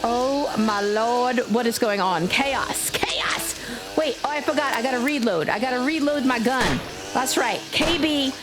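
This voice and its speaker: A woman streaming a game live, talking loudly and playfully to her chat, teasing and swearing. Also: a little high, expressive, a little slow, over music.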